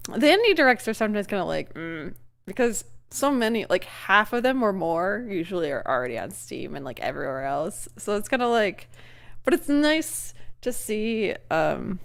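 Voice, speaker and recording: Woman streamer, casual live reaction, giggly and rambling, lively voice with gravelly fry. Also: mid-range voice, normal speed. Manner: giggly, rambling, many fillers and restarts.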